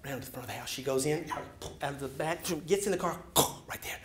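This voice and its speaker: A man's voice: medium pitch, quick pace, slight background noise. A man, telling a story in a lecture, acting it out animatedly and dropping to whispers. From Georgia, USA. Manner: animated, acts out scenes, drops to a whisper. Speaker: storyteller giving a talk.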